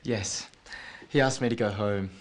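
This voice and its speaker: An actor playing David, an apologetic young man, in a scripted drama for English learners, speaking quietly and hesitantly. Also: on the low side, unhurried, close to an everyday voice. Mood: subdued.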